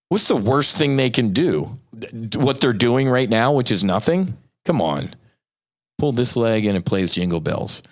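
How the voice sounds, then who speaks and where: A nonprofit founder appearing as a podcast guest speaks in a somewhat low voice. His impassioned rant is profane and rambling, with sarcastic asides slipped into the argument.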